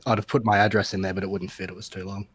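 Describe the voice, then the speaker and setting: A man from Australia co-hosting a podcast, trading dry, deadpan jokes in casual chat. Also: low voice, racing. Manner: dry, joking deadpan asides. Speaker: podcast co-host.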